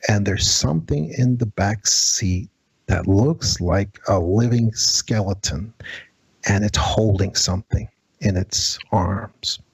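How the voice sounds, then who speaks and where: Male radio guest, low husky voice, halting dramatic storyteller, dry close sound. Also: no room sound. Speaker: guest, former federal agent. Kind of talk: telling a paranormal story on a radio show.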